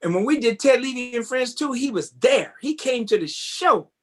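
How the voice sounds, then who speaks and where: A man, a tap dancer and guest, telling casual stories in an animated way and often asking "you know what I mean?". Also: very high-pitched, normal speed. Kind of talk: casual interview storytelling.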